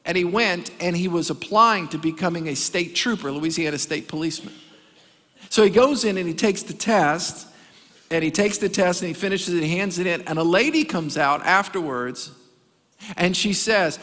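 A male pastor with a high, fairly bright voice preaches emphatically at a normal pace, urging the congregation to call back responses. The recording carries a long hall reverb.

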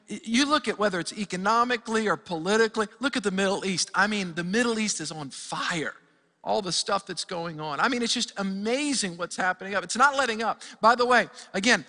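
A man's voice: high voice, long reverb tail. A man preaching a sermon as pastor, talking energetically with frequent restarts, recorded in a church sanctuary on a stage microphone. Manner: energetic storytelling with many restarts.

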